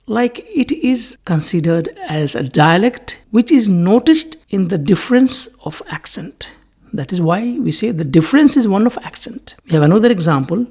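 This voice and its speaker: A lecturer giving a recorded English-language lesson in a deliberate way, repeating key terms in lists. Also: medium pitch, lively intonation, gravelly, a little mellow, slightly rough.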